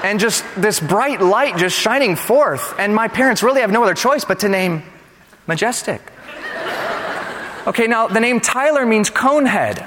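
A man preaching a sermon in an animated, joking way, turning earnest and hushed as he retells scripture. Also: high-pitched, moderate pace, very noisy. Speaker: pastor. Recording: reverberant hall.

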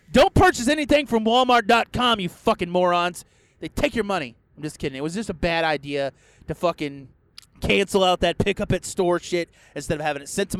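High-voiced foul-mouthed man ranting. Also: no echo. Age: adult, past a first marriage. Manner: crude, swears constantly, bursts into yelling. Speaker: podcast host. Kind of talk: profane casual rant. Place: inside a car on the road.

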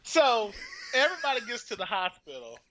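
Animated rambling man, bright voice. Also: extremely high pitch, a little fast, low-quality recording. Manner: animated, rambling, cursing, acts out the characters. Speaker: storyteller recapping a soap opera. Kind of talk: casual chat.

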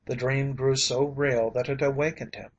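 A man reading a story aloud as an audiobook narrator, in a steady, even manner. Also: mid-range voice, moderate pace, breathy edge, highs cut off. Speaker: audiobook reader.

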